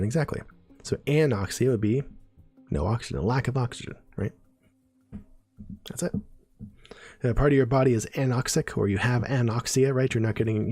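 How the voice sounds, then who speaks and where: Terms get unpacked in a chatty, casual live-stream neuroscience lesson led by a man with a fairly low, slightly mellow voice with a breathy edge. He keeps checking in with viewers as he goes, often asking "right?" and "okay?"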